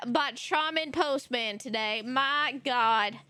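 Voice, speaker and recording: A woman's voice: high-pitched, takes it slowly, pushed and bright, clean tone, dry recording. A woman game streamer chatting casually and giggling with her viewers while she plays. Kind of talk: casual live-stream chat. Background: faint game music.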